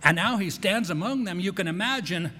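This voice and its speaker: A man preaching in a church, his voice slightly high for a man and ringing in a long hall echo. He talks in a folksy, conversational way, circling back on his words with a light, joking touch. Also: lively intonation, fairly quick, sharp tone. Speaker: pastor. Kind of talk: sermon. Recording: echoey hall.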